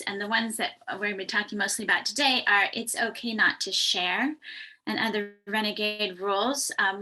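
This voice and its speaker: A woman author speaks to an online audience about reading with young children. Her tone is bright and clear, and she talks earnestly, telling small stories with plenty of ums. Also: medium pitch. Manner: earnest, warm storytelling with many ums. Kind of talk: online summit talk.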